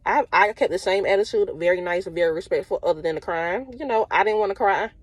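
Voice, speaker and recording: A woman's voice: medium pitch, fast talker, no room sound. A young woman truck driver, telling a story casually and animatedly, often laughing and quoting others.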